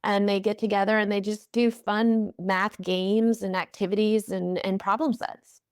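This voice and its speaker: A woman's voice: medium pitch, flat delivery, normal speed, smooth, dry recording. Enthusiastic woman explaining, dry sound. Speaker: executive director of a math organization, guest. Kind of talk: interview answers.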